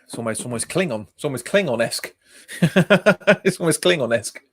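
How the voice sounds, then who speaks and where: A man's voice: fairly high pitch, expressive, a little fast. A man, hosting a football watch-along stream, chatting casually, laughing often and reading out viewer comments. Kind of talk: casual live commentary and chat.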